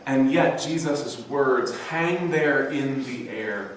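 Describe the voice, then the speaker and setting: A man's voice: mid-range voice, slow pace, few pauses, a little hiss or hum. A man preaching a sermon, dramatically voicing quoted thoughts and the words of the people he tells about. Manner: dramatic, acts out quoted voices. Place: church sanctuary. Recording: echoey church hall from a distance.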